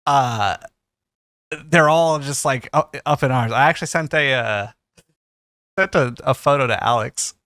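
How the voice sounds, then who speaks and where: A man's voice: mid-range voice, a little slow, pauses often, pushed and bright, no echo, clean studio sound. A man co-hosting a podcast in casual chat, rambling and correcting himself mid-sentence. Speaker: podcast co-host.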